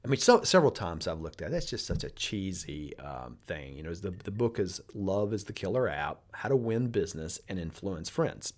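Low-voiced middle-aged man podcasting. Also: sing-song, normal speed, few pauses. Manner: conversational, storytelling, frequent restarts. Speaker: business podcast host. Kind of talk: casual monologue.

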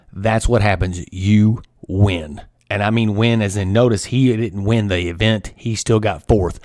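A man's voice: medium pitch, no echo, clean studio sound. A middle-aged man, a former coach, telling a motivational story in an intense, emphatic way and repeating key phrases.

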